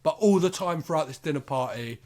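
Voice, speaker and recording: A man's voice: on the high side, animated, fairly quick, darkish tone. A man co-hosting a podcast, chatting casually about a film in a rambling, filler-heavy way and acting out quotes. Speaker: podcast co-host. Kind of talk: casual chat reviewing a film.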